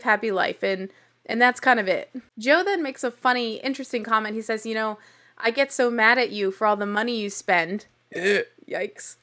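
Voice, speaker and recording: Young woman host, bright and fairly high voice, candid and chatty, laughs easily. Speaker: podcast host. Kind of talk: casual TV recap.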